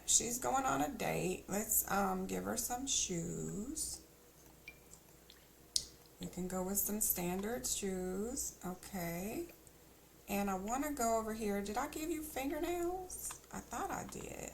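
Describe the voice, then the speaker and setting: A woman streaming a game, talking to herself and her viewers in a loose, chatty way with playful asides. Her voice has a gravelly fry, and she takes her time. A faint hum of room ambience sits under her. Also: mid-range voice, lively intonation, slow, pauses often. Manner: chatty, thinking aloud, teasing asides. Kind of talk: casual gameplay commentary.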